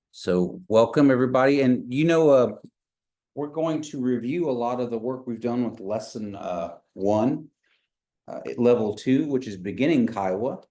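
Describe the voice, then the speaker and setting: A man teaching a beginners' language class from an office over a video call, patient and slow when repeating phrases. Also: mid-range voice, dark tone.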